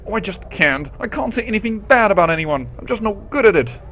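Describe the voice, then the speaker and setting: A man voicing a sweet, timid young woman who is gentle and giggly, speaking in a breathless, pleading way. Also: high-pitched, very animated, quick pace, slight background noise, exaggerated voice. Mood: flustered.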